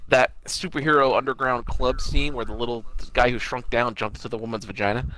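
A man's voice: medium pitch, steady tone, fairly quick, bright, forceful tone, rough recording. A man with a mid-range voice bantering casually. He teases his partner with crude jokes, calling him buddy. Faint hiss is heard behind him. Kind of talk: casual chat.

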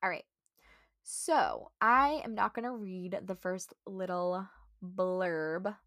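A woman's voice: fairly low pitch, slow, fairly bright tone, dry recording, studio quality. A young woman hosting a solo podcast, talking in an earnest, encouraging, chatty way with many fillers. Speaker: podcast host. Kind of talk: casual solo podcast talk.

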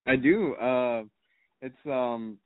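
A man's voice: mid-range voice, slow, smooth, no room sound. A young man chatting as a podcast guest, telling stories in a rambling, mock-serious way full of fillers and swearing. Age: young adult. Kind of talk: casual podcast chat. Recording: dry, tinny phone-like sound.

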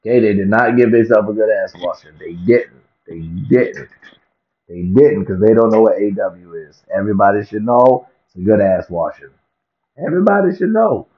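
A man's voice: fairly low pitch, normal speed. A man ranting profanely and comically to camera in a vlog, repeating himself for effect. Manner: profane, animated, repetitive rant. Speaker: vlogger. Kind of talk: comedic rant to camera. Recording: dull lo-fi recording.

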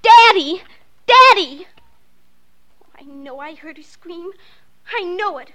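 A woman's voice: high voice, a little slow, fairly bright tone. A frightened little girl. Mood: pleading. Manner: pleading, insistent. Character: young girl, earnest and frightened. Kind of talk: 1950s radio drama acting. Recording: faint hiss of an old radio broadcast.

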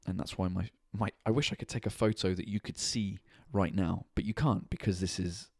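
A man's voice: sits low, fairly even intonation, a little fast, no room sound, clean studio sound. A tired man, hosting his own podcast and livestream from his kitchen, rambling casually and swearing freely. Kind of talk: casual chat. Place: home kitchen at night.

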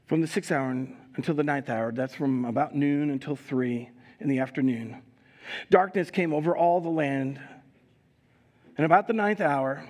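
A male pastor giving a communion sermon in a live church service, reading scripture expressively and adding relaxed, conversational asides. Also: on the high side, moderate pace. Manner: reads scripture expressively, raising voice for quoted speakers.

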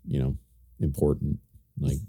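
A man's voice: a bass voice, monotone, measured pace, gravelly, mellow, husky, no echo, studio quality. A man co-hosting a podcast, chatting casually about music with many fillers and restarts. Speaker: podcast co-host. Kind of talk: casual music review chat.

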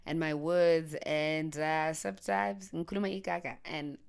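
Young South African woman, deep-pitched, animated casual storyteller, drops in Zulu slang, solo podcast from her bed. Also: normal speed, vocal fry, smooth. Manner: animated, laughs often, mixes in Zulu slang. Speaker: podcaster and YouTuber. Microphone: handheld microphone.

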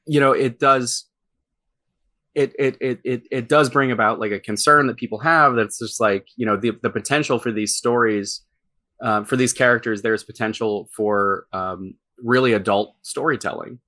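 A man's voice: medium pitch, normal speed, sharp tone. A man who writes for games, talking casually in an interview, rambling with many fillers and restarts. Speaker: game writer.

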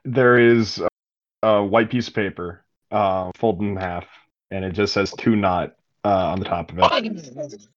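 A man's voice: deep voice, lively intonation, a little slow. A man narrating a tabletop game as game master, casual, laughing often and swearing. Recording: dull lo-fi audio.

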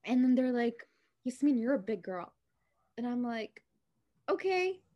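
A young woman co-hosting a podcast, telling personal stories in a lively, casual way and acting out what people said. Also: a little high, normal speed, muffled recording. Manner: animated, acts out quoted dialogue. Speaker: podcast co-host. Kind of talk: casual storytelling.

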